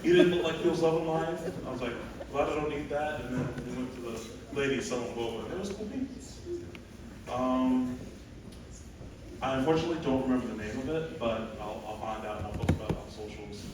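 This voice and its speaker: A man's voice: mid-range voice, brisk. A man, a musician chatting loosely between songs of a live set, telling joking, profane stories to the crowd. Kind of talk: casual stage banter between songs. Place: live music hall stage. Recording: echoey live hall, distant mic, noisy.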